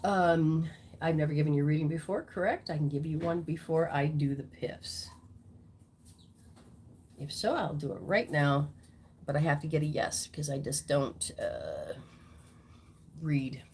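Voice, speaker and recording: A woman's voice: sits low, animated, measured pace, long pauses, a little mellow, a little hiss or hum. A woman teaching as a spiritual healer and intuitive reader during a live-streamed session at home. She acts out people's reactions in quoted voices.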